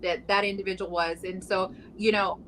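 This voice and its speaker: A woman's voice: mid-range voice, flat delivery, moderate pace, a bit bright. A woman co-hosting a talk show, chatting casually and encouragingly, laughing often. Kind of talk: casual interview chat. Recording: noisy recording.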